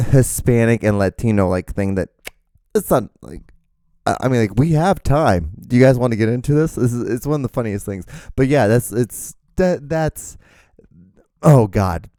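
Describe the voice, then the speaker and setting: A man's voice: mid-range voice, animated, measured pace, warm tone, dry recording. A young man hosting a solo podcast, rambling in a profane, mock-outraged way. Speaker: podcast host.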